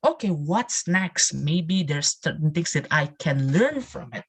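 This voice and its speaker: A man presenting in a live English class, talking earnestly to his listeners and repeating phrases as he restarts his sentences. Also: fairly high pitch. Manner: addresses listeners directly with "you know" and "right". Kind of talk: motivational talk.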